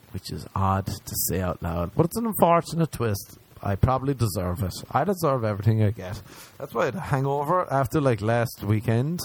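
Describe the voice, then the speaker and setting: Speaking in a lowish, darkish-toned voice, this male stand-up comedian spins a crude story at his own expense. He plays out each scene by voicing both people in every exchange, switching rapidly between them.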